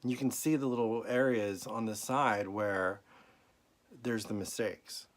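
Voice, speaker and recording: A man's voice: on the low side, fairly even intonation, unhurried. Emotional man telling his story. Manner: emotional, tearful at times, rambling storytelling. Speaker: vlogger. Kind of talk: personal health update vlog.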